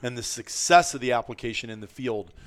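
A man's voice: mid-range voice, expressive, brisk. A man hosting a podcast in casual chat, rambling and chuckling, often restarting his sentences. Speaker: podcast host.

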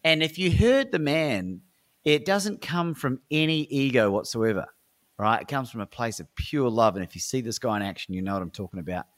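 A man's voice: medium pitch, lively intonation, moderate pace. An Australian man, a coach and speaker, telling stories as a guest in a podcast interview in an enthusiastic, emphatic way. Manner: enthusiastic, emphatic, repeats words when he restarts. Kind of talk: animated storytelling in a podcast interview.

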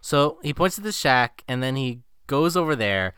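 A man co-hosting a movie podcast who recaps the plot with sardonic, profane asides. His voice is bright and clear and moves up and down a lot. The recording is dry and close. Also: mid-range voice, lively intonation, moderate pace, dry recording. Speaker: podcast co-host. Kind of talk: casual movie-review chat.

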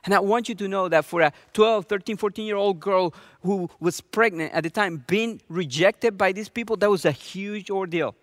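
Male pastor, high voice, dry close recording, earnest sermon delivery. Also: moderate pace, hardly any pauses, dry recording. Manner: earnest, with many rhetorical questions.

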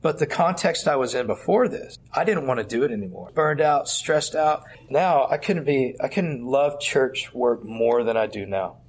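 A man's voice: medium pitch, animated, moderate pace, hardly any pauses. Earnest middle-aged pastor, mid-range male voice, conversational storyteller. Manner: earnest, storytelling with quoted dialogue. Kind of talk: conversational interview answers. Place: at a church conference.

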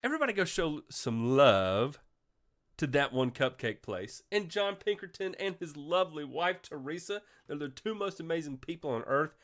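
A man hosting a casual livestream show, congested from a sinus infection, giving energetic shout-outs to viewers. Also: fairly high pitch, moderate pace. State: coughing.

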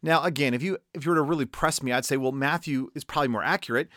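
A man preaching a sermon, animated, speeding up and slowing down with light laughs between points. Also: mid-range voice, no room sound, clean studio sound. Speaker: pastor.

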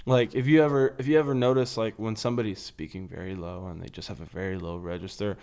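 Loud comic guy chatting, smooth clear voice, swears a lot, gets animated. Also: on the low side, fast. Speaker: stand-up comedian. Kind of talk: casual chat.

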